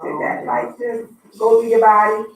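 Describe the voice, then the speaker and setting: A woman comedian guest tells her story on a radio show, animated and joking. Her voice sits a little high. The sound is very echoey, and she is set back from the mic. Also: moderate pace, vocal fry, far from the mic. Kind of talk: casual radio interview.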